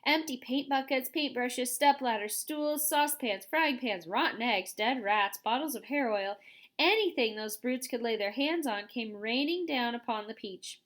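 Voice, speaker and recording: Expressive woman reading a storybook. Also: on the high side, normal speed. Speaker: reader. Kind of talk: storybook read-aloud.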